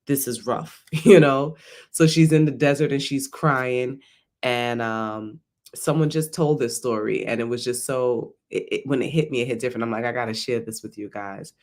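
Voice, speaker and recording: A man's voice: mid-range voice, steady tone, normal speed, a little mellow. A man giving a casual, rambling motivational talk, often checking in with "right?". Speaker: vlogger.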